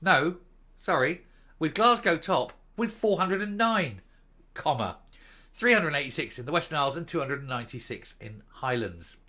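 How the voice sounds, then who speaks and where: A man's voice: a little high, lively intonation, moderate pace, sharp tone. A man hosting an opinion vlog, ranting in a scornful, indignant way and wandering off into tangents before returning to his point. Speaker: commentary vlog host. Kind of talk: opinion rant to camera.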